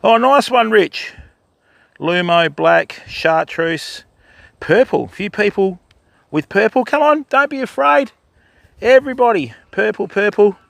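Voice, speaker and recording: Older Aussie man, gravelly and high-pitched, chatty fishing-stream host talking to viewers by name. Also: animated, unhurried, pauses often, a bit bright, dry recording. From Australia. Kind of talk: casual livestream chat. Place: outdoors by a river.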